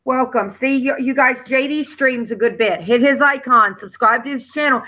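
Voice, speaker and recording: A woman co-hosting a casual livestream, talking in a chatty way as she plugs other channels. Her voice sits fairly high and sounds bright and forward. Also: moderate pace. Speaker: co-host.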